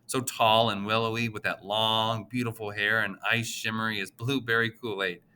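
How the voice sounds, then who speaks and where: A man's voice: lowish voice, little pitch movement, normal speed, bright, forceful tone, clear, resonant tone. A man voicing a small, chatty older male pharmacist with a nasal voice and a friendly, gossipy way of talking in an audiobook. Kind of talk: audiobook character voice.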